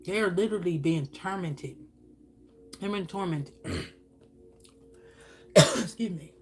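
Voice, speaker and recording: A woman's voice: fairly low pitch, takes it slowly, husky, faint music behind. A woman giving a channeled spiritual reading while eating on camera, casual, profane and blunt. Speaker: spiritual reader.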